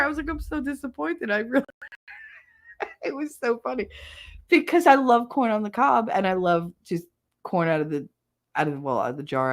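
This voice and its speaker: A woman's voice: a little high, fairly bright tone. A woman hosting a podcast, telling stories in a blunt, profane, casual way and laughing often. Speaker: podcast host. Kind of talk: casual solo chat.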